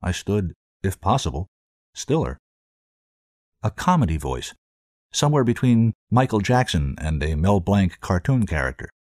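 A male host reading fiction aloud with expressive storytelling. His pitch moves widely from line to line, and the sound is close and dry, with no room echo. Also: normal speed. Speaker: host and reader. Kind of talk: scripted fiction narration.

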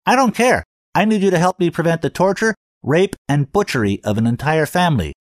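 A man voicing a high, shrill comic character with a cartoonish sound who talks pushy and urgently. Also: animated, brisk, no room sound, clean studio sound, lightly acted.

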